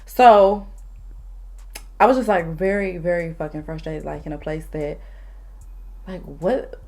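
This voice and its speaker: A woman in her late twenties telling a casual storytime while doing her makeup, blunt, animated and full of profanity. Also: lowish voice, measured pace. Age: late 20s. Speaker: vlogger.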